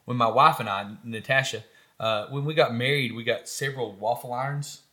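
A man co-hosting a casual podcast, animated and joking, often lifting his voice. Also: medium pitch, moderate pace. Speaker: podcast co-host. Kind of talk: casual chat.

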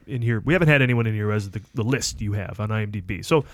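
Male movie-podcast host, quick and bouncy delivery, dry close mic. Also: on the low side, no room sound. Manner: enthusiastic, talks quickly about movies. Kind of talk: casual chat.

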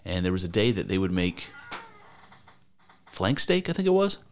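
A man with a very low voice chats casually on a podcast. He rambles through his stories, swearing and restarting his sentences as he goes. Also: big pitch swings, normal speed, a little hiss or hum. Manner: rambling, profane storytelling with many restarts. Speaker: podcast co-host. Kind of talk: casual chat.

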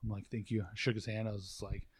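A man's voice: fairly low pitch, little pitch movement, fast talker, slightly rough, no echo, studio quality. A man in casual chat, telling rambling stories full of swearing and quoted asides. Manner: profane, rambling storyteller.

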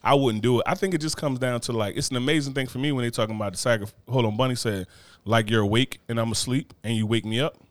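A man co-hosting a podcast, chatting casually with animated, profane banter. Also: medium pitch, quick pace, no echo. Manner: animated, profane, laughing asides. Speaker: podcast co-host.

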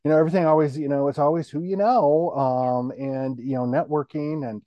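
A middle-aged man, a guest on the show, telling his career story in a relaxed, rambling way full of "you know" fillers. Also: on the high side, a little fast, no echo, dull audio. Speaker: guest, TV station general manager.

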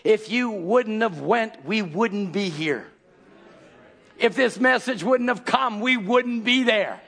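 A man preaching a fiery sermon, calling out to his congregation and often rising into shouted exhortation. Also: high-pitched, animated, slow, gravelly.

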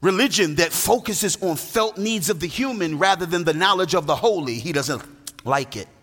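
High, bright-voiced preaching man. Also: expressive. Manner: emphatic preaching with sung, drawn-out phrases. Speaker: pastor. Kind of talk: sermon. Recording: long hall reverb.

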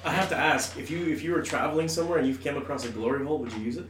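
A man's voice: fairly high pitch, fairly even intonation, racing. A man on a podcast telling crude stories, laughing and stumbling over restarts. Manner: rambling, laughing, stammering restarts. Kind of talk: crude casual chat. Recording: roomy, distant mic, faint noise.

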